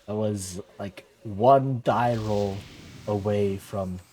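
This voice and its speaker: A man's voice: fairly low pitch, slow, darkish tone, slight background noise. A young man streaming a game, rambling casually and laughing at his own forgetfulness. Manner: rambling, self-deprecating, laughs easily. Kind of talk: casual gameplay commentary.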